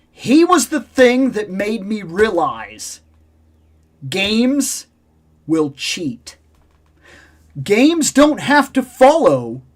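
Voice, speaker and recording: Middle-aged male host, animated storyteller, pitch swings wide, casual nostalgic chat. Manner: animated storyteller, swings between loud exclamations and low asides.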